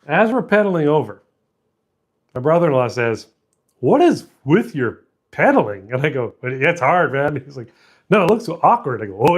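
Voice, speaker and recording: A middle-aged man with a mid-pitched voice tells a long, meandering story on his own live show. He pokes fun at himself, laughs at his own mistakes and often stops and restarts his sentences. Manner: rambling, self-mocking, laughs often, many restarts. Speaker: channel host. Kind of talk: casual storytelling monologue.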